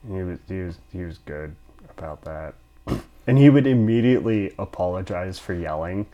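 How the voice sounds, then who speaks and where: Casting: deep-toned male host, casual, quick interjections. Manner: chimes in with short remarks, lively when retelling. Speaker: podcast host. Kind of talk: casual chat.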